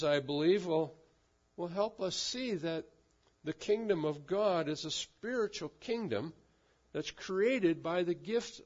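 A pastor giving a sermon, talking conversationally and asking his congregation questions. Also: sits high. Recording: dull lo-fi sound.

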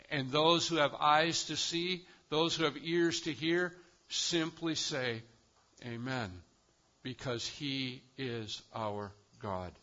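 A man's voice: fairly high pitch, slow, sharp tone, dull audio. A man preaching a sermon as pastor, with an emphatic cadence that rises and falls.

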